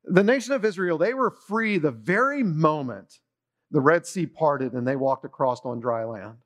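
A man's voice: a little high, lively intonation, moderate pace, fairly bright tone. A middle-aged man preaching a sermon in a conversational way, often putting questions to his listeners. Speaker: pastor.

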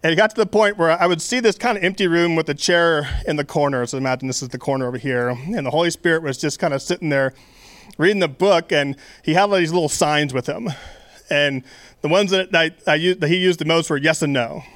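A man's voice: on the high side, fairly quick, fairly bright tone, dry recording. A young man giving a casual, conversational sermon, with many fillers and restarts. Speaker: preacher.

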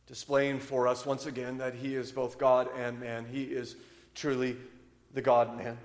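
A man's voice: mid-range voice, steady tone, moderate pace. Impassioned preacher man in echoey hall. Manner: impassioned, rising and falling preaching. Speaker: pastor. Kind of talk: sermon. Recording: echoey hall, long reverb.

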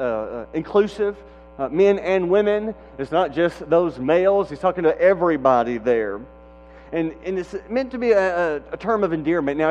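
A man's voice: a little high, darkish tone. A pastor preaching a sermon to his congregation, emphatic, repeating his key questions, with some stammered restarts. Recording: dull sound with long hall reverb and mains hum.

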